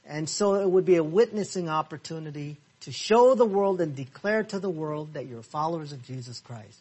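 A man teaching a Bible study class, reading verses slowly and asking the class questions. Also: a little high, animated, darkish tone, husky. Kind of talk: interactive Bible study lesson. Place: church classroom.

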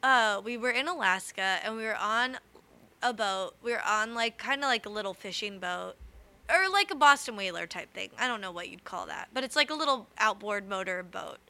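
A woman co-hosting a casual podcast chat, telling an anecdote in an animated way. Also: mid-range voice, normal speed, creaky. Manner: animated storyteller. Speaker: podcast co-host.

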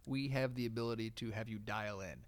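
Male podcast co-host, relaxed, rambling, laughs a lot. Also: on the low side, fast. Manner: laid-back, laughs often, rambling fillers. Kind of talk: casual podcast chat. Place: small studio room with frosted glass windows.

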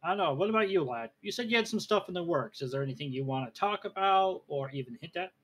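A man co-hosting a podcast in casual chat who hesitates and fills pauses with "uh" and "um". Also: fairly high pitch, lively intonation, a bit bright, slight background noise. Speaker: podcast co-host.

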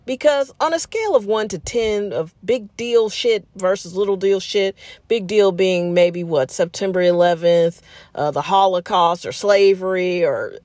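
Woman, casual monologue, animated storyteller, dry close recording. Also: mid-range voice, no echo. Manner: animated, chatty, with quoted dialogue and asides.

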